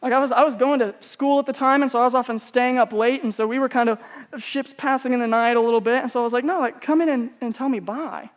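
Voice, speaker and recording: A man's voice: very high-pitched, level tone, quick pace, clear, resonant tone. Male pastor from Texas, casual sermon storyteller, joking and self-deprecating. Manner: humorous, conversational, self-mocking.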